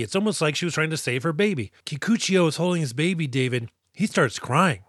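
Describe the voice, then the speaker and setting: A man co-hosting a podcast, recapping a movie in profane, jokey, animated chat on a close mic. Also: a little high, a little fast, hardly any pauses, no echo. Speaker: podcast co-host.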